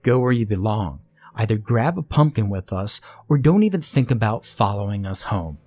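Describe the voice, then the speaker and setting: A man's voice: lowish voice, lively intonation, normal speed, a little mellow, soft background music. A man doing a sneering teenage bully. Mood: taunting. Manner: taunting, sneering. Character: cruel cocky teenage bully.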